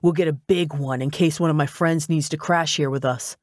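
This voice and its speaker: A woman's voice: low-pitched, steady tone, a little fast, no echo, clean studio sound, close to an everyday voice. A woman voicing a smug, pushy young ex-boyfriend who talks in a sing-song voice.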